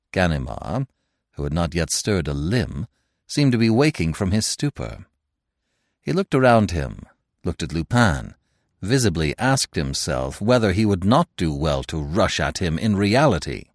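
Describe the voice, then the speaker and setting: Expressive male storybook narrator. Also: sits low, dry recording, clean studio sound. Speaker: audiobook narrator. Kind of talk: scripted narration of a classic story.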